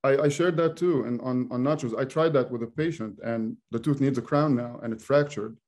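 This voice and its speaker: A man's voice: mid-range voice, a little fast, darkish tone. A man hosting an interview as a dentist, giving supportive replies and sharing his own patient story. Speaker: dentist and podcast host. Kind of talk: conversational interview.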